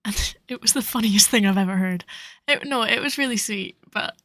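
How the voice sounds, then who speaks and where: A woman's voice: mid-range voice, moderate pace, fairly bright tone, dry recording, poor audio. A teenage girl co-hosting a casual chat, laughing as she tells stories in an easygoing way. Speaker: co-host.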